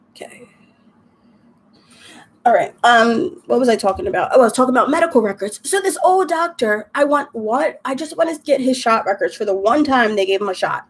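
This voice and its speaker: Young woman w a high voice, venting and rambling on her live stream, exasperated. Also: expressive, moderate pace, long pauses, slight background noise. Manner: ranting, exasperated, chatty. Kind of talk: casual chat while crafting.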